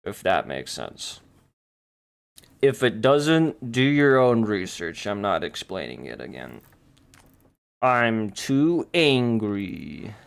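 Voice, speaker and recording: Streamer, male, slow rambling jokey chatter with a lively, swooping pitch while drawing. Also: gravelly. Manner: rambling, jokey, thinking aloud.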